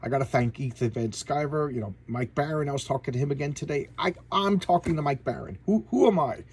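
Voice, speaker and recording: A man hosting a casual comic book review, talking excitedly and repeating himself as he gushes. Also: on the high side, quick pace, husky. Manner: excitable, gushing, repeats words. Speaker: comic book channel host.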